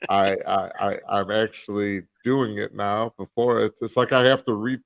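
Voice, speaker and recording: Male podcast co-host, gravelly, dry close sound, jokey and halting. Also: lowish voice, steady tone, dry recording. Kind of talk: casual chat.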